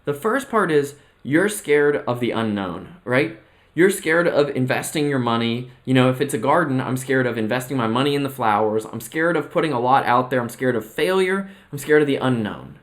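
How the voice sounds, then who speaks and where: A man's voice: medium pitch, expressive, moderate pace. A man coaching on mental health in a motivational vlog monologue. He talks earnestly and keeps checking in with "right?" and "okay?". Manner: mixes personal anecdotes with an extended analogy. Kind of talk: motivational self-reflection monologue.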